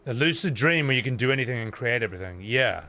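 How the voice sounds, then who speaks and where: Gravelly man, lively voice, casual game streamer chat, swears and laughs, faint game music behind. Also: mid-range voice, fast. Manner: chatty, swears freely, laughs a lot. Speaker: streamer playing a video game. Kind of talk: casual gameplay commentary.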